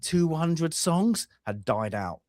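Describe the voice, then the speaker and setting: A man's voice: fairly high pitch, takes it slowly, no echo, clean studio sound. A man co-hosting a film review podcast in casual chat, ranting with exasperation and stumbling over his words, repeating himself as he restarts sentences. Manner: exasperated, animated dislike.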